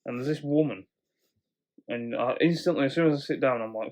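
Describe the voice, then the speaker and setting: Young male co-host, casual swearing storyteller, middle pitch. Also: a little fast. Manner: swearing, animated storytelling with laughs. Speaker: podcast co-host. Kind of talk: casual chat.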